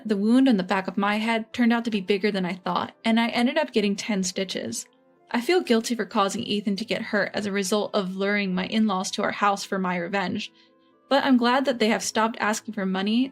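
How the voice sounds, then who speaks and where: Woman narrating a story over soft music. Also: medium pitch, fairly quick. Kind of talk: scripted first-person story narration. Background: faint background music.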